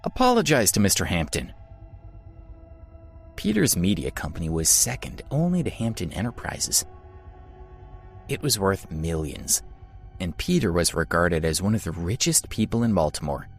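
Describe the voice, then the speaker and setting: Low-voiced expressive male storyteller. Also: normal speed, soft background music. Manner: dramatic, expressive reading. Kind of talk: scripted story narration.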